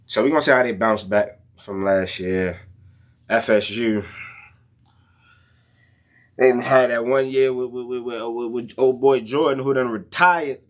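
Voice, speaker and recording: A young man talking casually and ranting about college football in loose slang, his voice jumping up in heated outbursts. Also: mid-range voice. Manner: animated, slangy, rants with rising outbursts. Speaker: sports commentator vlogger. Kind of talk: casual sports rant.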